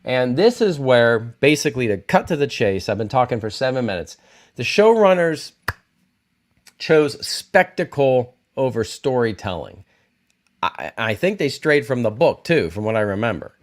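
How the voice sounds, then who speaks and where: A man's voice: mid-range voice, moderate pace. Rambling man chatting on a livestream. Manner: rambling, self-correcting, animated. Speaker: YouTube host reviewing TV shows. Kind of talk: casual livestream chat.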